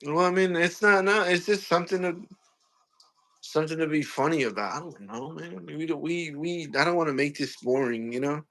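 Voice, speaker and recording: A man's voice: a little high, normal speed, a bit bright. A man hosting a casual chat, rambling, slangy, and repeating himself. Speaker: podcast host.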